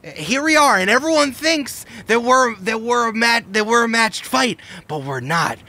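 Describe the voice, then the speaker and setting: A man's voice: on the high side, lively intonation, unhurried, bright, forceful tone. A man voicing a spiteful, proud, bookish villain who taunts and boasts bitterly. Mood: bitter, boastful.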